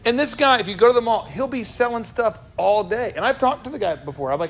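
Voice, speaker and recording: A man hosting a business talk show, joking and firing quick questions at the people in the room. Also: high voice. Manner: animated, jokey, quick asides to the room. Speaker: business coach and show host. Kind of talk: lively talk to a live room.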